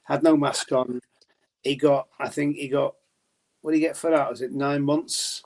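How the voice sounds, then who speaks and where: Gravelly chatty man telling stories. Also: medium pitch, steady tone, normal speed, darkish tone. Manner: chatty storyteller, swears, laughs often. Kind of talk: casual chat.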